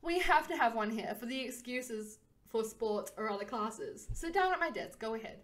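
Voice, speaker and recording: A woman voicing a kind, helpful young man in a game, speaking gently and reassuringly. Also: fairly high pitch, animated, moderate pace, close to an everyday voice.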